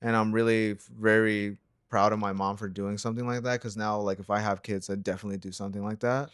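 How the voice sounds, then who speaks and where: Laid-back low-voiced young man telling a story. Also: level tone, fast talker, a bit bright, clean tone, dry recording, studio quality. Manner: laid-back, rambling, lots of filler and slang. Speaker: co-host of a reaction channel. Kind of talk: casual storytelling chat.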